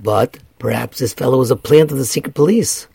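A man's voice: mid-range voice, brisk, vocal fry, mellow, slightly rough, no echo. A man, a rabbi, delivering an earnest sermon that weaves in a story and builds to raised, emphatic passages.

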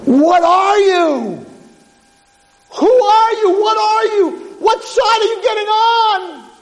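A man voicing a terrified teenage boy who cries and shouts as he waits for judgment, in an echoey hall. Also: lively intonation, slow pace, full character voice. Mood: desperate. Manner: very high, crying, shouting.

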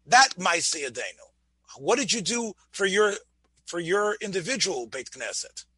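A man's voice: high voice, sing-song, unhurried, bright, forceful tone, breathy edge, no echo. A man giving a Torah class, asking his listeners questions and often restarting his words. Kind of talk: Torah lecture.

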